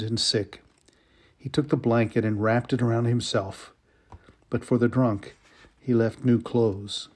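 A man reads a story aloud with slow, emotional weight and long pauses. His voice sits at an ordinary middle pitch. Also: a little mellow. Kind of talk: dramatic story reading.

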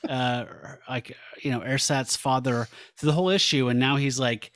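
A man on a podcast retelling a comic book plot casually, with many pauses and fillers. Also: mid-range voice, steady tone, fairly bright tone, no room sound, clean studio sound. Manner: hesitant, filler-heavy retelling. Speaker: podcast co-host.

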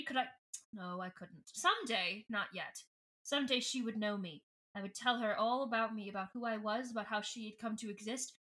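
Lady doing a scheming alien commander lady, cool and sinister, bright voice. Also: a little high. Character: scheming female alien commander, cold and ambitious.

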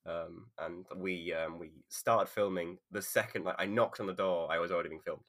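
A man's voice: low voice, steady tone, normal speed, fairly bright tone. A man hosting a podcast, chatty and encouraging toward his guest. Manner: chatty, laughs often, encouraging. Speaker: podcast host. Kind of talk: casual chat.

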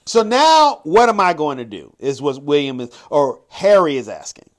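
A man hosting a podcast in a casual monologue, talking dramatically and mixing quick asides with slow, drawn-out, emphatic phrases. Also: fairly high pitch, very animated. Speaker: podcast host.

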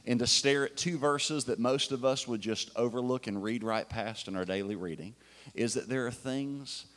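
A man's voice: mid-range voice, normal speed, a bit bright. A man preaching a sermon in a casual, enthusiastic way, with fillers and restarts. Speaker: pastor.

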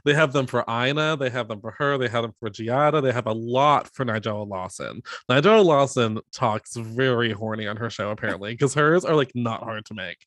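A man's voice: mid-range voice, a little fast, few pauses, a bit bright, no room sound, studio quality. Giggly, gushing man on a podcast. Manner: giggly, gushing, laughs often. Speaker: podcast co-host. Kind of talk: casual chat.

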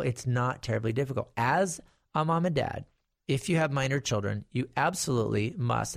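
A man's voice: mid-range voice, creaky, no echo, studio quality. A middle-aged man, an estate planning attorney, explaining guardianship in a conversational storytelling way with emphatic warnings. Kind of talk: explanatory talk to viewers.

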